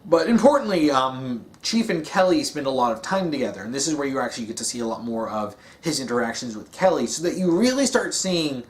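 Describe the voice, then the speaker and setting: A man's voice: mid-range voice, lively intonation, fairly quick, few pauses. A man giving a casual, rambling monologue, with many fillers and restarts. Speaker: video essayist.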